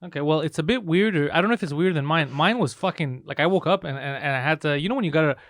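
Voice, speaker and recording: A man co-hosting a comedy podcast, teasing and swearing in rapid casual banter. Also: fairly high pitch, fairly bright tone, dry recording. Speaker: podcast co-host.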